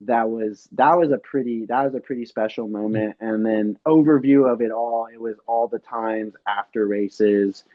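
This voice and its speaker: A man telling race stories in a casual interview, animated, acting out what others said. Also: lowish voice, normal speed, hardly any pauses, phone-quality sound. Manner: animated storyteller, acts out quotes loudly. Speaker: pro bike racer guest.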